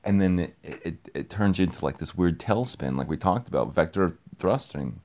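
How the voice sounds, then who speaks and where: A young podcast host talks at normal speed in a very deep voice, rambling to his listeners. He loops around, repeats bits, and works himself up as he continues, with casual swearing making it feel personal and unguarded.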